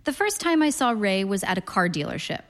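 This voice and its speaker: Deadpan woman reading a story. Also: medium pitch, a little fast, in a large hall. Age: 30s. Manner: dry, deadpan. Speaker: narrator, reader.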